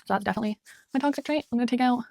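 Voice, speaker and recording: A woman's voice: fairly high pitch, racing, a little mellow, dry recording, clean studio sound. A woman chatting casually at home while doing her makeup, muttering little asides to herself as she works. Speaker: beauty vlogger. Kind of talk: chatty get-ready-with-me talk.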